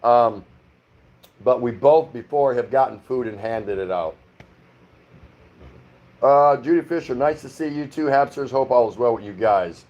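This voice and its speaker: A middle-aged man from the United States rambles through a casual livestream from his home in the Philippines, reading viewer comments aloud and chatting back. His mid-range voice has a darkish tone, he talks a little slowly with long pauses, and the sound is lo-fi.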